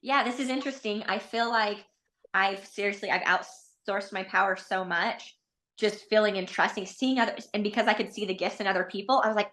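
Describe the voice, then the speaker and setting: A woman in a coaching session, reflecting out loud on her feelings in a rambling, searching way. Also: medium pitch, brisk. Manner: reflective, rambling, thinks aloud with restarts. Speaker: coaching client.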